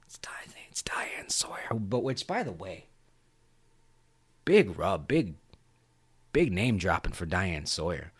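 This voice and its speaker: A podcast host, a man with a lowish voice, recaps a movie scene in an animated, rambling way, swearing constantly. There's no echo on the recording.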